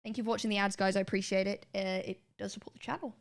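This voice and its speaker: A young woman chats loosely to her stream, circling back and restarting her sentences. Her voice sits at an ordinary middle pitch, with a slight scratch of a sore throat. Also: steady tone. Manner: rambling, restarts sentences, quick laughs. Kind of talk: casual chat with viewers.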